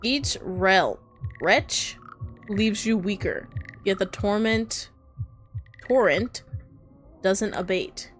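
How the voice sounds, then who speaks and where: A woman streamer reads a grim horror game out loud with a dramatic tone, now and then breaking off with startled reactions. She speaks slowly and deliberately. Soft game music plays underneath her voice. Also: mid-range voice, animated. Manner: dramatic reading broken by startled asides. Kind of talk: reading a horror visual novel aloud.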